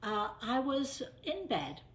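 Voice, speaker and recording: A woman's voice: high-pitched, sing-song, slow pace, fairly bright tone, a little hiss or hum. An older woman telling a personal story in a chatty, casual way, repeating words for emphasis.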